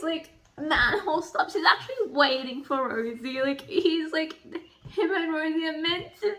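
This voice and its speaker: A young woman with a high voice chats through her reading vlog. She gushes and vents by turns, swearing freely and laughing often. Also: lively intonation, measured pace, fairly bright tone, slight background noise. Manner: gushing and exasperated, swears and laughs a lot. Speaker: book vlogger. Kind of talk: casual reading vlog chat.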